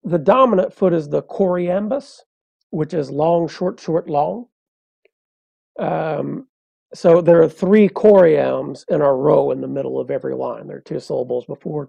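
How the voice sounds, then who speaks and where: A man, a poet and translator, explaining in a measured, lecturing way on a podcast, with frequent hesitations. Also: on the high side, gravelly, mellow, breathy edge, no room sound.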